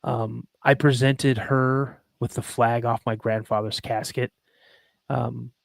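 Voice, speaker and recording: A man's voice: medium pitch, steady tone, slow, creaky, no echo. Earnest man telling a personal story. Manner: earnest and emotional, reenacts dialogue, many ums. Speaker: podcast host. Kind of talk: personal storytelling on a live podcast.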